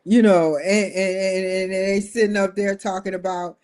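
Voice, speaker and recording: A woman's voice: mid-range voice, moderate pace. A woman hosting her own stream, riffing with loose, joking commentary and frequent laughs. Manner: laughing, animated storytelling with mock quotes; loose, colloquial, rambling. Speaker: streaming show host.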